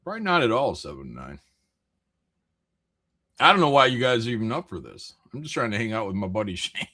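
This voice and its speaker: A man's voice: mid-range voice, very animated, brisk, bright, forceful tone. A man hosting a casual live stream, rambling through chat messages with frequent jokes, laughs and swearing. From American Midwest.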